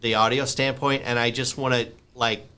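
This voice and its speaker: A man hosting a podcast interview over a remote call, chatty and rambling, with animated asides. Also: mid-range voice, moderate pace, clean tone. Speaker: podcast host. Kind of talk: interview chat.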